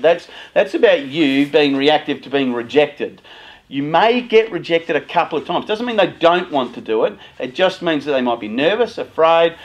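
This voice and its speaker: In a motivational talk to parents, a middle-aged youth worker animatedly voices both parents and teens. His pitch sits on the high side, and the audio lacks high frequencies.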